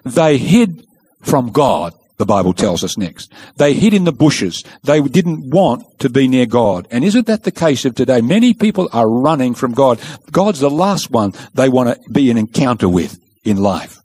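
A man preaching a sermon, telling the story in a lively way and acting out the quoted speech. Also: medium pitch, moderate pace, breathy edge.

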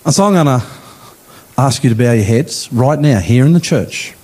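A man preaching a sermon in a church, with slow, emphatic phrasing that rises and falls. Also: lively intonation, a little mellow. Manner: emphatic preaching, slow deliberate phrasing with rising and falling pitch. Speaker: pastor.

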